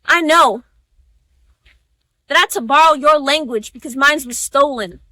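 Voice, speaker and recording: A woman's voice: high voice, normal speed, sharp tone, no room sound. A young woman performing a spoken-word oratory speech, reciting with rhythmic, emphatic stresses. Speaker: student orator.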